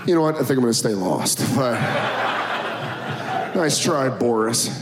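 A man doing a stand-up routine with self-deprecating, deadpan punchlines, recorded live in an echoey comedy club with a laughing audience. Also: medium pitch, measured pace, very noisy.

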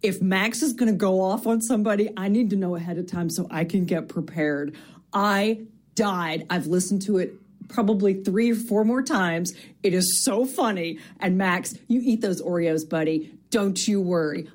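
A woman caller leaving a bubbly, animated voicemail. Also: medium pitch, normal speed. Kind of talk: voicemail message.

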